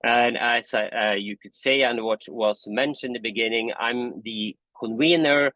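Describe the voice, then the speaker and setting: A man's voice: medium pitch, pushed and bright, dry recording, low-quality recording. A man giving a conversational webinar presentation on a video call, now and then correcting himself mid-sentence. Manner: conversational, self-correcting, admits talking fast from coffee. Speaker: presenter, standards committee convener.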